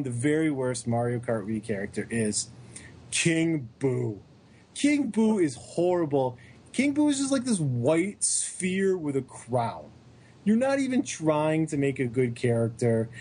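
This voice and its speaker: A man co-hosting a casual sports podcast, joking and ranting with animated energy. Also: a little high, slight background noise. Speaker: podcast co-host.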